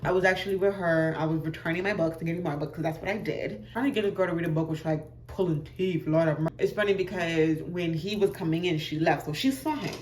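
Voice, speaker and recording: Animated young woman telling a story. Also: lowish voice, fast talker, few pauses, roomy sound, a little hiss or hum. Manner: animated, laughing, acts out voices in quotes. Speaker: vlogger. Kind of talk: casual storytime chat.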